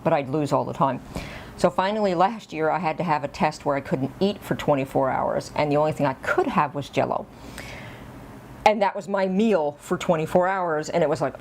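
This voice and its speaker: Low-voiced woman telling a rambling story. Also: normal speed, a little mellow, a little hiss or hum. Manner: rambling, self-deprecating, chuckles, acts out quotes. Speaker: vlogger. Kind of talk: casual personal storytelling.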